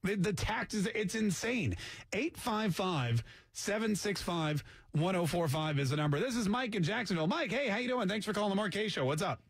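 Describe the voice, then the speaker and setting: Male talk radio host, high husky voice, sarcastic and joking, close dry studio mic. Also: animated, normal speed, dry recording. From Canada. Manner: sarcastic, mocks accents with jokey asides. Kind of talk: casual talk radio monologue.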